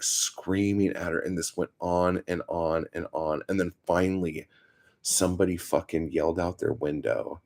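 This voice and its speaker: A man with a low, gravelly voice tells a story on a casual livestream. His pitch moves around a lot as he rambles, swears and leans on fillers. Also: darkish tone. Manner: profane, rambling, filler-heavy. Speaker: livestream host.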